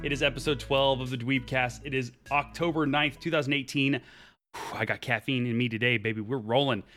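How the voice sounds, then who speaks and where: A young man hosting a casual podcast, animated and rambling, with frequent restarts. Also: medium pitch, brisk, soft background music. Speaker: podcast host.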